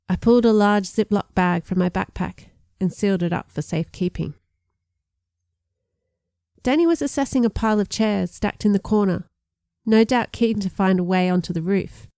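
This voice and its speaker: A woman reading a first-person story aloud, expressive and lively in her narration. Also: moderate pace, dry recording, studio quality. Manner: expressive, lifts pitch for dialogue. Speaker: audiobook narrator.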